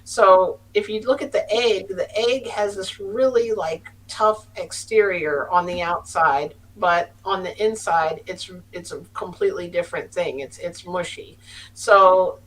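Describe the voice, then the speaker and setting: A middle-aged woman, guesting on a podcast, tells a story casually in a low-ish voice, a little slowly. She's earnest and rambling, often restarting sentences, picked up by a distant mic with a faint hum.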